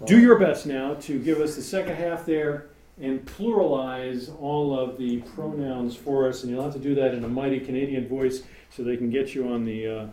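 A man's voice: mid-range voice, moderate pace, mellow. Casual man teaching in an echoey room. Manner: conversational, joking asides, many fillers. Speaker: congregation teacher. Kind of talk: informal sermon. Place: meeting room with congregation. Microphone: room mic for live stream. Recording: echoey room, faint background hum.

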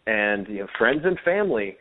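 A man's voice: on the low side, very animated, normal speed. A man speaking as a guest on a radio talk show, earnest and hesitant, with frequent fillers. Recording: tinny phone-line sound.

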